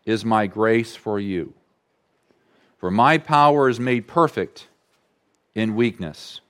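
A man preaching a sermon as pastor, slow and deliberate, repeating key phrases for emphasis. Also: fairly low pitch, fairly bright tone.

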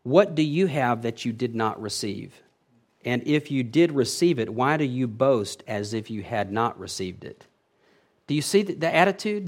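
A man preaching an expository sermon, reading verses aloud and explaining them with emphatic swells and frequent restarts. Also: on the high side. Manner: emphatic, rising and falling in loudness, self-correcting restarts. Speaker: pastor.

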